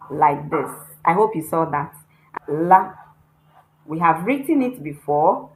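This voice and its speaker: In a rough recording with slight background noise, a low-voiced adult woman gives a slow, deliberate beginner language lesson, repeating words and spelling them out. She is a Chinese teacher whose first language is not Chinese.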